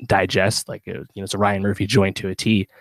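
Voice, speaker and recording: A man with a fairly low voice co-hosts a casual podcast, talking at length and circling back with many fillers and restarts. The sound is close and dry, with no room around it. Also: flat delivery, fast, dry recording. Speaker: podcast co-host. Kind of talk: casual chat.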